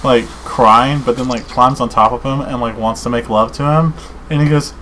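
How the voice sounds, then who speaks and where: A man co-hosting a podcast in casual chat, rambling and excited, saying dude and man a lot. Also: medium pitch, moderate pace, a little hiss or hum, poor audio. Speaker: podcast co-host.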